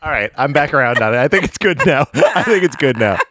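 A man's voice: mid-range voice, expressive, quick pace, fairly bright tone, slight background noise. A man co-hosting a casual chat, sardonic and swearing, reacting with mock dismay. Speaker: podcast co-host.

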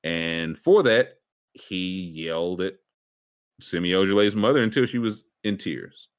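A man's voice: low-pitched, measured pace. A man hosting a casual sports podcast, rambling with fillers and restarts and a sarcastic streak. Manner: sarcastic, wry.

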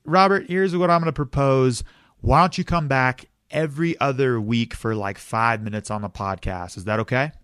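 An upbeat man hosting a podcast, talking in a relaxed, conversational way at an ordinary middle pitch. His voice sounds dry and close, with no room around it. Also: moderate pace, smooth, no room sound. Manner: upbeat, often addresses the guest by name. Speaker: podcast host. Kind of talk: casual interview chat.

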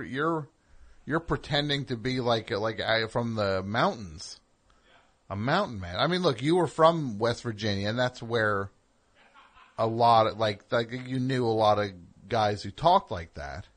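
A man's voice: medium pitch, a bit bright. Sarcastic man hosting a call-in show. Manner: sarcastic, riffing, stammering restarts. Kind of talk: casual chat.

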